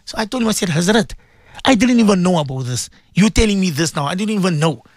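A man's voice: sits high, animated, fast talker, dry recording, studio quality. A man telling a story on a religious radio talk show, repeating himself and mixing in Arabic and Urdu phrases. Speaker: radio guest speaker.

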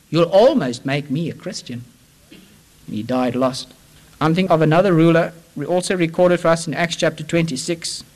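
Impassioned preacher with a higher male voice. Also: rough recording. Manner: impassioned, with repeated rhetorical appeals; wide swings from raised urgency to hushed low phrases. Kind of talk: evangelistic sermon.

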